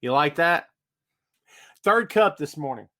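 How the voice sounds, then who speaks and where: A man's voice: on the high side, expressive, slow pace, sharp tone. A man hosting a casual live-stream podcast from his home studio, chatting and greeting viewers by name. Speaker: podcast host.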